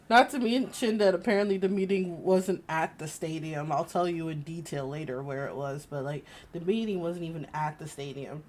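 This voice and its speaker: Woman streamer chatting while she plays, kinda low voice, rambly stories, laughs a bunch. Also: moderate pace, a little mellow, slight background noise. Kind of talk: casual game-stream chat.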